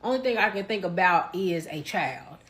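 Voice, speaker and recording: A woman giving reaction commentary in a relaxed, folksy, storytelling way. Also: lowish voice, normal speed. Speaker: social media commentator.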